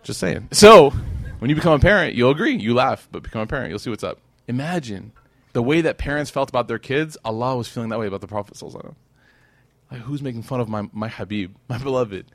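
A man teaching a casual, storytelling religious lesson, animated and joking with his audience, with short stretches of Arabic recitation. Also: medium pitch, fast talker, no room sound. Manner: animated, conversational, jokes with the audience. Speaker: Islamic teacher.

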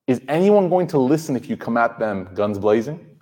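A man's voice: mid-range voice, sing-song, normal speed, a little mellow. A man in his thirties giving a sermon to a live audience, conversational and joking, often asking the crowd questions. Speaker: Islamic speaker. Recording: hall reverb.

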